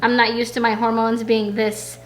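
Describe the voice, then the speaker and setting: A woman's voice: a little high, level tone, normal speed, soft background music. A pregnant woman chatting casually at home, answering viewer questions in a rambling way full of "like"s. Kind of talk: casual Q&A chat.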